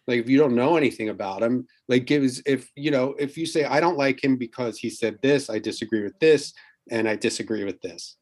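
A man in casual podcast chat, circling his point with many false starts. His voice sits at an average pitch. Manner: rambling, halting restarts. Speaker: guest comedian.

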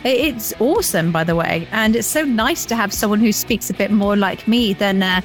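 A woman's voice: mid-range voice, moderate pace, faint music behind. An English woman co-hosting a podcast, playful and teasing, hamming up her accent. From England. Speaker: podcast co-host, sales trainer. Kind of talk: casual podcast chat.

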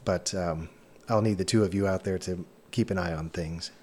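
A man's voice: low-pitched, steady tone, normal speed, a little mellow, a little hiss or hum, lightly acted. A man voicing a tired male ship captain who is embarrassed about faking an accent. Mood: sheepish. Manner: tired, sheepish.

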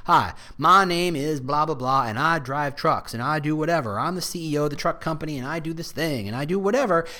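A man's voice: fairly high pitch, fairly quick, few pauses, sharp tone. A man voicing a bland, folksy trucking company CEO with a Texas accent who drones through a self-introduction.

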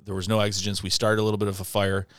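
Male podcast co-host, smooth, dry-sounding storyteller who swears a lot. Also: lowish voice, very fast, no echo. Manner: animated storyteller, swearing, acting out a friend's angry yelling in a raised voice. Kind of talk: casual storytelling chat.

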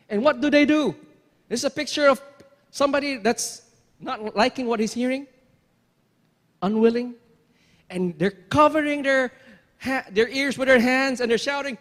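High-voiced male preacher in a reverberant hall. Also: a little slow, pauses often, a bit bright. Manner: emphatic, repeats phrases, asks rhetorical questions. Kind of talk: sermon.

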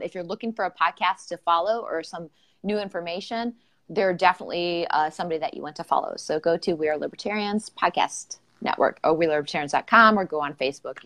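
A woman's voice: lowish voice, a bit bright. A woman hosting an informal live-streamed podcast interview over a video call, chatty and bubbly with lots of fillers. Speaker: podcast host.

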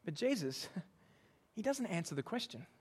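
High-voiced man preaching a sermon. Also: sing-song, measured pace, slightly rough. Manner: emphatic, asks the congregation questions.

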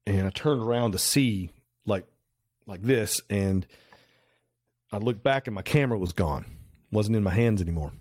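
A man's voice: on the low side, a little mellow, dry recording, clean studio sound. A middle-aged man, a photographer guest on a podcast, telling rambling anecdotes with lots of restarts in a casual interview. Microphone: remote call recording.

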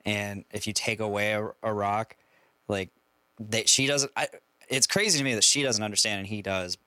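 Bright-toned laid-back dad. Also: male voice, lowish voice, steady tone, moderate pace, no echo. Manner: easygoing, rambling with restarts. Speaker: father. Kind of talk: casual chat.

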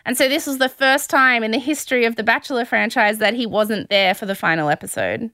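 A woman hosting a podcast, chatting animatedly through a reality show recap with quick asides. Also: fairly high pitch, sharp tone, no room sound, clean studio sound. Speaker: podcast host.

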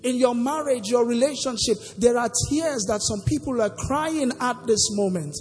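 In a church hall, a woman preacher speaks at a moderate pace in a fairly high, darkish voice, calling out questions the congregation answers and lilting phrases here and there in sing-song fashion. Long reverb and faint music color the audio.

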